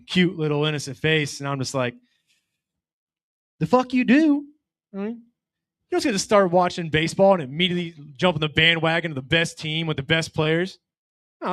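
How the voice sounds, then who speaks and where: A man's voice: fairly high pitch, fairly bright tone, dry recording. A middle-aged man doing a stand-up comedy set, telling a profane story with brash delivery and acting out voices.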